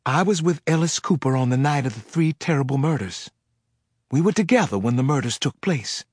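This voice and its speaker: A man voicing a frightened, secretive woman with a heavy Southern accent who pleads haltingly, close to tears. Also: mid-range voice, expressive, breathy edge, no echo, pitched above the performer's own voice. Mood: fearful pleading.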